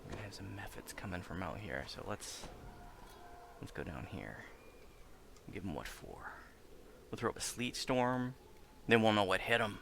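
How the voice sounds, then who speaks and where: Gravelly, low-voiced gamer man. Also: normal speed, pauses often. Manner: casual, chatty, self-narrating. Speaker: gaming video creator. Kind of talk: let's play commentary. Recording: steady background noise.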